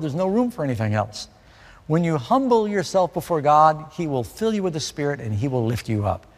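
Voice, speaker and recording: A man's voice: on the high side, long reverb tail. Man from New York City preaching. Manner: conversational preaching, asks listeners questions. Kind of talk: sermon.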